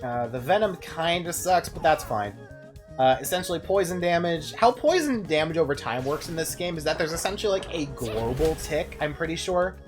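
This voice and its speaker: A man's voice: on the high side, expressive, moderate pace. Brief: young male streamer, rambling and profane, chuckling, faint game music underneath. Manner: rambling, profane, laughs often. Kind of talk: casual gameplay commentary.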